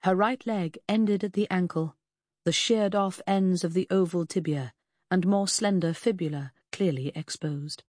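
A woman narrating a novel in the first person, in a measured reading that slows on grim details. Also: fairly low pitch, darkish tone, no echo, studio quality. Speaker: audiobook narrator.

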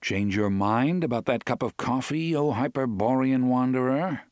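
A man voicing a gruff, sardonic middle-aged shopkeeper who growls and mutters his lines. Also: mid-range voice, normal speed, darkish tone, no echo, studio quality, natural voice.

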